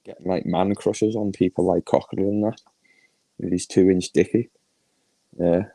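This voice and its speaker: A man's voice: low voice, fairly even intonation, measured pace, gravelly, warm tone, dry recording, poor audio. A man with a Liverpool accent hosting a livestream, ranting crudely and mockingly, laughing often. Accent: Liverpool (Scouse). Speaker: livestream host.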